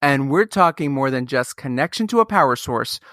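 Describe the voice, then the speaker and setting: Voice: medium pitch, animated, normal speed, a bit bright, no room sound, clean studio sound. A host from Long Island, reading an upbeat intro and then chatting with a guest. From Long Island, New York. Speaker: podcast host. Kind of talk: scripted intro then casual interview.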